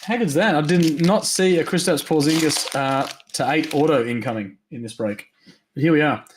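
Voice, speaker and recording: A man hosting a live trading card break, rattling off names quickly and upbeat, his voice going hoarse. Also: on the high side, a little hiss or hum. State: losing his voice.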